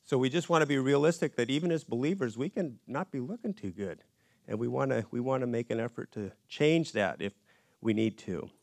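A man giving a conversational Bible study in a church, in a casual and relaxed way with folksy asides. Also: medium pitch, a little fast, creaky, no echo, clean studio sound. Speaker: Bible teacher.

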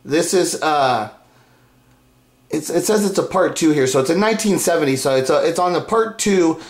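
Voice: mid-range voice, animated, moderate pace, reverberant. A vlogger talking in a rambling, repetitive and insistent way, restarting sentences often. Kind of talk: casual rambling monologue to camera.

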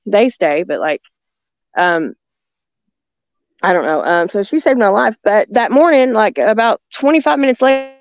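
A woman's voice: fairly high pitch, darkish tone, no echo. A woman tells a rambling story in a chatty voice, filling it with likes and ums. The audio sounds dull and dry. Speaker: guest. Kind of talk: casual storytelling.

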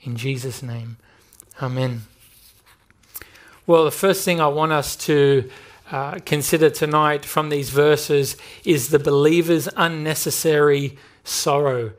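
An Australian man preaching from the pulpit in an earnest, emphatic voice that sits a little high for a man. He builds his points through repeated phrases. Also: fairly even intonation, unhurried. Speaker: pastor. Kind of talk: sermon with prayer.

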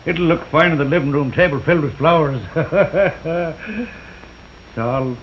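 An actor playing a jovial middle-aged neighborhood policeman in a 1930s film, chuckling warmly and barking orders at crowds. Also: a little high, a little slow, muffled recording, a little hiss or hum, lightly acted.

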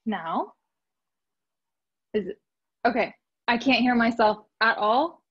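A woman's voice: a little high, slow pace, slightly rough. A woman from San Diego speaking as a guest on a video call, a little nervous, chatty and self-deprecating. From San Diego, California. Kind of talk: casual talk on a video call. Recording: dull lo-fi call audio.

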